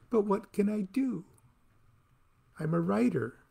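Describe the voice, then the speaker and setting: Guy reading his own book out loud, slow and wry, kinda theatrical, bit of a high voice. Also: gravelly, husky. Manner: wry, theatrical delivery that plays to the listener.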